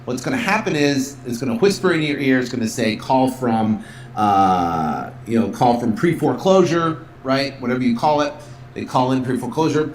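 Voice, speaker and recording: A man's voice: medium pitch, expressive, normal speed, slight background noise. Male instructor, casual screen-tutorial voice, filler-heavy, roomy room tone. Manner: casual, upbeat, many fillers, acts out sales calls. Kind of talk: software walkthrough tutorial.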